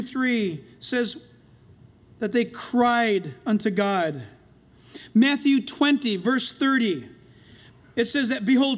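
An older man preaching a sermon in an animated way, acting out the voices in the stories he retells. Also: very high voice. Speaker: pastor.

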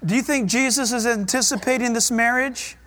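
A man preaching a sermon and reading scripture aloud, fervent and emphatic, with his pace swinging from quick to drawn out. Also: very high-pitched, steady tone, a bit bright.

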